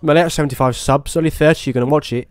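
A man's voice: fairly high pitch, rapid-fire, no echo. A British man with an English accent commenting on a horror game as he plays, reacting jumpily and swearing a lot. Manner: jumpy, swearing, excitable reactions. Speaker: gaming YouTuber.

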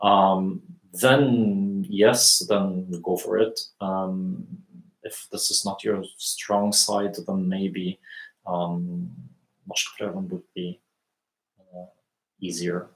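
A man with a northern Norwegian accent answers viewers' questions in a live language lesson. His voice sits low with a gravelly edge, and he speaks in a relaxed, hesitant way, full of fillers. The room around him has a noticeable echo. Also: drawn-out words.

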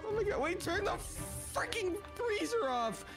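Excitable shrieking woman gaming. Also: very high-pitched, normal speed, over music. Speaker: gaming co-host. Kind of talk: casual gameplay chat.

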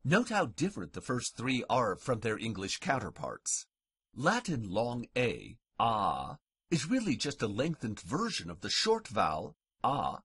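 A man narrating a scripted lesson as a language teacher, carefully and deliberately sounding out each example word. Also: medium pitch, wildly swooping pitch, fairly bright tone, slightly rough, no echo, clean studio sound.

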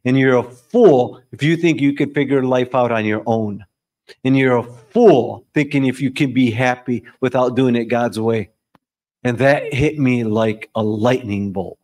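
A man leading a lively sermon for a live audience, asking questions and answering them himself, swinging between loud bursts and quiet, slowed emphasis. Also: medium pitch. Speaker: religious discussion leader.

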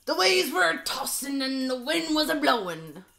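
A woman voicing a swaggering, rum-drinking male pirate who tells his tale in a slow, theatrical drawl. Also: sits high, sing-song, gravelly, pushed and bright, heavily acted. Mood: boastful.

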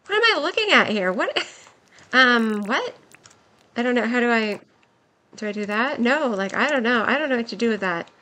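A young woman giving excited, giggly commentary while playing a game, her voice worn from a long stream. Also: on the high side, moderate pace, long pauses. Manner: gushing, giggly, exclaims often. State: voice nearly gone, worn.

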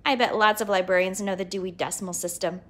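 A woman's voice: medium pitch, fairly even intonation, fast talker, fairly bright tone, pitched below the performer's own voice, natural voice. A woman voicing a dismissive, know-it-all schoolboy in a storybook reading.

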